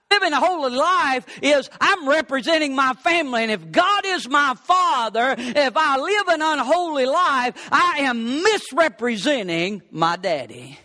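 A man preaching a sermon as pastor, emphatic, repeating words for stress and rising to shouts. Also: extremely high pitch.

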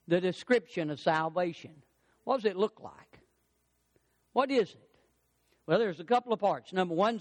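Older male pastor, very high voice, emphatic preaching cadence. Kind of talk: sermon.

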